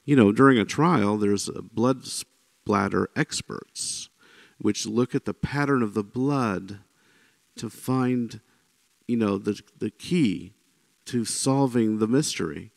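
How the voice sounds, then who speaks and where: Here a man with a fairly low, gravelly voice speaks slowly with no echo, teaching the Bible in an informal way. He talks like he's in conversation, frequently asking "right?" or saying "you know," and turns animated when acting out quoted speakers.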